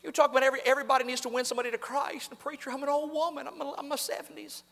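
A man voicing a tearful elderly woman in her seventies, pleading in a high, quavering voice. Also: little pitch movement, very fast, vocal fry, fairly bright tone, long reverb tail, full character voice. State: crying.

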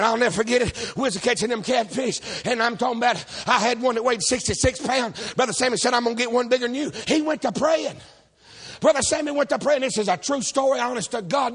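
A preacher with a strikingly high, husky voice. He tells folksy stories and rises into shouting to call out for amens from the congregation. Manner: folksy, shouting, calls for amen. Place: church service.

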